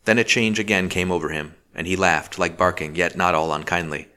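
A man reading a novel aloud as an audiobook narrator, measured and steady. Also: sits low, smooth. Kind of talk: scripted narration.

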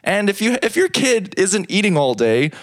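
A man's voice: high-pitched, sing-song, dry recording, clean studio sound. A man in casual chat as co-host, listening supportively and chiming in with short replies. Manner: supportive listener, quick back-channel replies.

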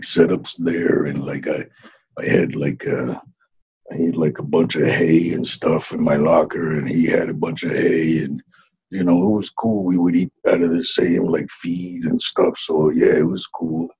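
A man's voice: sits low, gravelly, dark tone, breathy edge, highs cut off, full character voice. A man playing a laid-back Mexican ex-wrestler who hatched from an egg, drawling and saying "man" constantly in a comedy interview. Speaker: interview guest.

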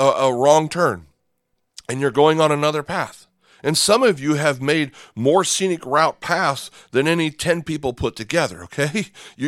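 A man's voice: on the high side, no room sound, clean studio sound. A man preaching a sermon in a conversational way, often checking in with "okay?" and "right?" and repeating words as he starts a thought. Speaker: pastor.

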